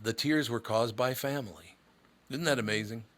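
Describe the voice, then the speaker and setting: A man's voice: mid-range voice, normal speed, a bit bright. An older man hosting a morning radio show, chatting casually and ranting bluntly. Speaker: radio host. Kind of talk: casual chat.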